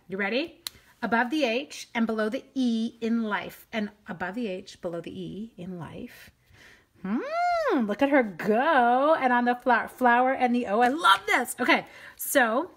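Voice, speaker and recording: A woman's voice: a little high, a bit bright. A middle-aged Canadian woman with a Canadian accent, chatting to viewers as she demonstrates a live stamping craft.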